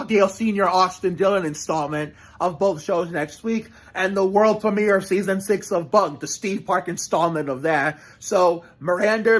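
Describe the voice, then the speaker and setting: A man with a fairly high voice talks loosely and casually, tripping over his words and restarting sentences often. He swears freely as he rambles on. The talk is unscripted and meandering. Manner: rambling, profane, many restarts. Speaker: vlogger reacting to a show.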